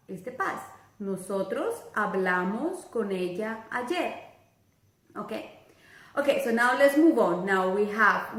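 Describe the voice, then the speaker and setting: A woman's voice: fairly high pitch, roomy sound, low-quality recording. A woman with a Latin American Spanish accent teaching a language lesson, patient and repetitive as she drills examples.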